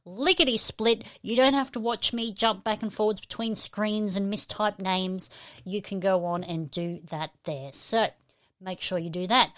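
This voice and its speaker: A woman's voice: mid-range voice, measured pace, fairly bright tone, dry recording. An upbeat Australian woman hosting a live stream, chatting and greeting viewers one by one. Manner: upbeat, chatty, keeps saying how cool it is. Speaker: podcast host.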